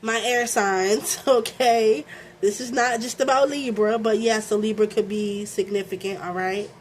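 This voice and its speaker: A young woman with a Baltimore accent gives a loose, talkative tarot reading. She keeps tagging her lines with "okay?" and drops curse words. Her voice sits a little high, with a faint noise floor under it. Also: steady tone, a little slow. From Baltimore, USA. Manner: chatty, frequent "okay?" and fillers, swears freely. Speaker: tarot reader. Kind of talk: casual tarot reading to camera.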